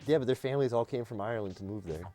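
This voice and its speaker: A man's voice: mid-range voice, rapid-fire, dark tone, soft background music. An American man hosting a casual chat, joking and bantering with friends. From United States.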